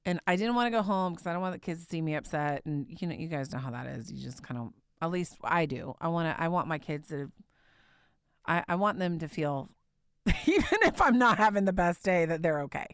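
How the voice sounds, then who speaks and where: A woman preacher telling a personal story in a sermon, candid and conversational, sometimes dropping to a hushed tone. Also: low-pitched, expressive, a little fast, clear, resonant tone, no room sound, clean studio sound.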